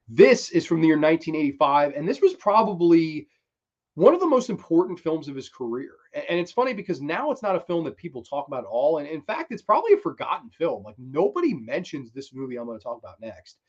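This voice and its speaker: A man's voice: medium pitch, darkish tone. A man hosting a movie review show, talking casually and enthusiastically in a rambling, profane style. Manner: enthusiastic, rambling, swears freely. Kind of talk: casual film countdown talk. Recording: dull lo-fi recording.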